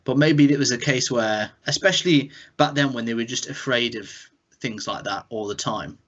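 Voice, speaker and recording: An English man co-hosting a casual podcast about cartoons, thinking out loud and often qualifying what he says. His voice sits at a middle pitch. The recording is dull and lo-fi. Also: normal speed. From England. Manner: musing, self-doubting, hedges his opinions. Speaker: podcast co-host. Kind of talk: casual chat reviewing a cartoon.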